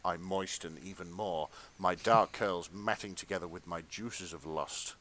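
A man co-hosting a comedy podcast, reading fan fiction aloud in a hushed, mock-serious tone. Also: deep voice, steady tone, unhurried, a little hiss or hum. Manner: reads in a hushed, mock-serious tone, then cracks up. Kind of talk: dramatic reading with comic asides.

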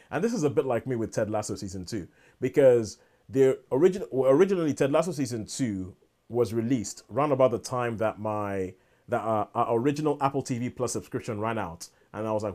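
A man's voice: medium pitch, fast talker, a little mellow. A man in casual podcast chat, rambling on with lots of restarts and asides. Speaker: podcast co-host.

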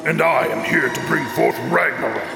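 A man voicing a booming fire giant hawking a sale in a mock radio ad. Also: normal speed, vocal fry. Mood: grandiose. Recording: echoing hall reverb under loud music.

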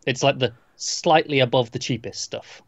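A man's voice: mid-range voice, moderate pace, a bit bright, no echo. A man chatting casually about a TV episode, adding dry, nitpicking asides. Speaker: podcast co-host. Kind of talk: casual TV recap chat.

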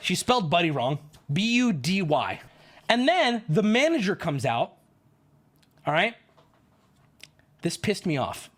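Animated, ranting man with a high voice. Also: unhurried, pauses often. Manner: animated, profane, indignant. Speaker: livestreamer. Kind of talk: ranting storytelling to chat.

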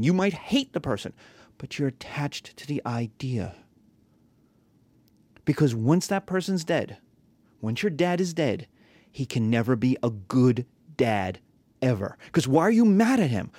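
A man's voice: on the high side, expressive, moderate pace, a little mellow, no room sound. A man teaching a class, talking casually with rhetorical questions and acted-out quotes. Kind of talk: classroom lecture.

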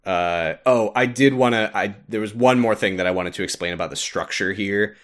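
On a podcast he co-hosts, a man with a lowish, slightly bright voice speaks at normal speed. He walks through a game's story in casual chat, laughing often and filling pauses with filler words.

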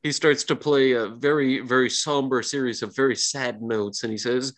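Male game master, loose casual narration, lots of fillers, mid pitch. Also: steady tone, normal speed, hardly any pauses, fairly bright tone.

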